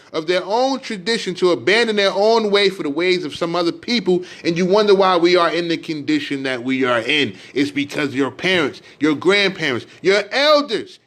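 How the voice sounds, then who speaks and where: A man with a high voice preaching a fiery street sermon. His delivery surges to loud, emphatic peaks, then falls back low to explain a point. When he reads scripture aloud, his cadence slows and grows measured.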